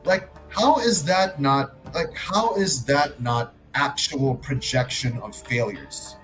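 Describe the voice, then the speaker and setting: A man's voice: medium pitch, slow pace, fairly bright tone, faint music behind, poor audio. Argumentative male streamer. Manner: argumentative, with frequent restarts and swearing. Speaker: livestream host. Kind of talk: casual livestream commentary.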